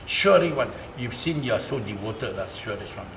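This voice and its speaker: A man with a Malaysian English accent telling a personal story to an interviewer. He talks in an animated way, repeats phrases and turns louder and higher when quoting people. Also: fast, vocal fry. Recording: roomy, noisy ambience.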